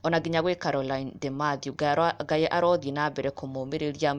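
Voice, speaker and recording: A woman's voice: low voice, fairly even intonation, fast talker, few pauses. A woman presenting entertainment news, reading steadily and mixing Kikuyu with English. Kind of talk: read news narration.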